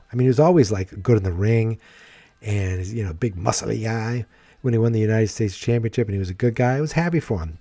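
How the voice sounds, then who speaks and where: A man's voice: fairly low pitch, mellow, no echo. A man giving a rambling, frank solo commentary on wrestling, swearing freely and thinking aloud. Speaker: wrestling podcaster.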